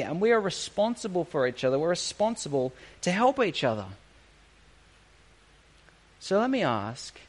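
Lively, high-voiced male preacher. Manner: earnest, uses rhetorical questions and sarcasm. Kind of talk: sermon.

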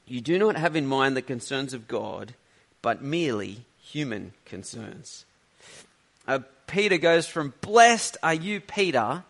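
A man's voice: fairly high pitch, fairly bright tone. A man preaching a sermon, teaching earnestly and conversationally with rhetorical questions.

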